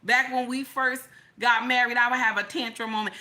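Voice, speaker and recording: A woman's voice: on the high side, steady tone, normal speed, hardly any pauses, bright, forceful tone. A middle-aged woman hosting an opinionated livestream, blunt, profane and preachy, greeting her chat as she talks. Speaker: livestream host.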